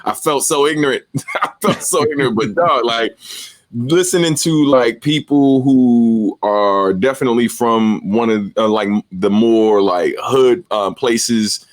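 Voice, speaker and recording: A man co-hosting a podcast, chatting casually over a remote call and telling loose, animated stories full of shout-outs. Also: mid-range voice, a little slow, dry recording, studio quality. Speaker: podcast co-host. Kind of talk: casual chat.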